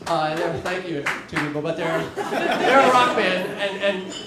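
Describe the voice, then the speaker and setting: A man in his thirties rambles through a self-deprecating stand-up routine, full of little restarts and fillers. His voice sits fairly high. The handheld mic picks up a roomy club echo and a loud, laughing crowd. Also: animated, normal speed, very noisy. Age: 30s. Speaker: stand-up comedian. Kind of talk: stand-up comedy set. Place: comedy club stage before a live audience. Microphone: handheld stage mic with dropouts.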